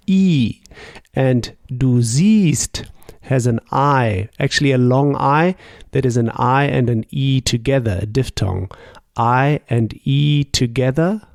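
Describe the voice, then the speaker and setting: A man leads an unhurried language lesson, pausing after each prompt before modelling the answer. His voice is mellow and has a gravelly edge. The recording is dry and close, with no room sound. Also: medium pitch, dry recording. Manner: explains slowly and patiently, models each answer. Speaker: German language teacher. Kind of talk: slow, patient language lesson with pauses for the listener.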